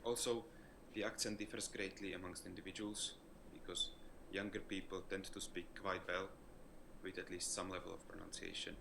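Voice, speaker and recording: A man from the Czech Republic with a Czech accent, explaining deliberately in a video monologue. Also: low voice, creaky. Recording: noisy old online video.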